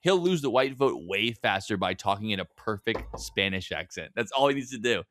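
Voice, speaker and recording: A man's voice: on the low side, animated, moderate pace, fairly bright tone, no echo, studio quality. A man co-hosting a podcast, talking in a sarcastic, mocking way and swearing freely in casual chat. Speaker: podcast co-host.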